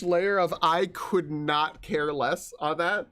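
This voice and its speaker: A man's voice: a little high, fairly even intonation, pushed and bright, clean tone. Rambling, laughing male game streamer. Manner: rambling, swears freely, laughs a lot, quick asides. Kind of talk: casual gameplay chat with storytelling. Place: at home.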